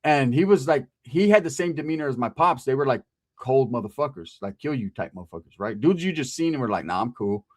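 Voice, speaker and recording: A man's voice: medium pitch, lively intonation, brisk. A man telling a profane comic story about his past, acting out the people in it.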